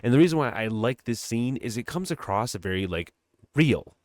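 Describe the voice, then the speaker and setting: A man's voice: medium pitch, expressive, fairly quick, a little mellow, no room sound, clean studio sound. A man co-hosting a casual podcast, animatedly retelling movie scenes, acting out the characters and swearing freely. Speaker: podcast co-host.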